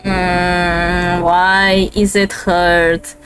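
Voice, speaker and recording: A woman playing a co-op game on stream, excitable, exclaiming and laughing often. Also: on the low side, very slow, soft background music. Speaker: guest streamer. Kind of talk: casual co-op gaming chat.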